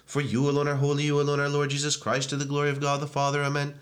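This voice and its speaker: A man reads liturgical prayers in a rapid, unbroken monotone. His pitch barely moves, and he keeps the words flowing quickly from line to line. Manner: brisk monotone recitation. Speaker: reader of prayers. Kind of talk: liturgical reading.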